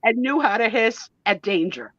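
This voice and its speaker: A woman's voice: on the high side, lively intonation, moderate pace, a bit bright, dry recording. A woman in her fifties, a guest on a live chat show, telling a story in a gushing, emotional, chatty way with mild swearing. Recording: dull lo-fi, dry sound.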